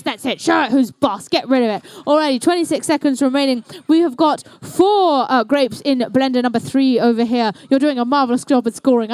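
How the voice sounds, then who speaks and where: A woman's voice: sits high, darkish tone, no room sound, studio quality. A young woman doing live, playful, chatty commentary at an indoor competition. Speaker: event commentator.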